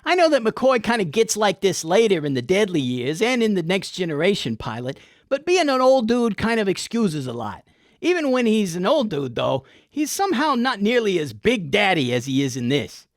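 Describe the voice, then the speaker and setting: Wry, lively-voiced man reviewing episodes. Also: sits high, normal speed, no echo, clean studio sound. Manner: irreverent, wry, profane, folksy. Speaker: host.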